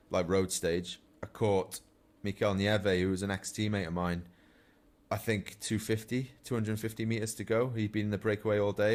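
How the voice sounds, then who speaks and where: A man with a fairly low voice chats casually on a podcast, telling stories from professional cycle racing. He speaks in a relaxed, anecdotal way and often chuckles at his own tales. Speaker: professional cyclist, podcast regular.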